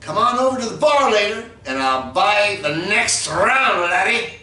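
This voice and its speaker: A man's voice: high-pitched, animated, a little slow, sharp tone, far from the mic, voice pushed up, heavily acted. A man putting on a Scottish accent as a jolly pub-goer offering to buy the next round. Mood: jovial. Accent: put-on Scottish. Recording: roomy echo, off-mic.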